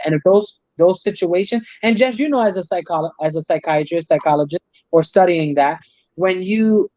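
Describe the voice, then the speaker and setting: A man's voice: high-pitched, darkish tone, dry recording. A man talking casually as a talk show guest, a Chinese medicine practitioner, who explains ideas at length with many restarts. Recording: dull dry audio.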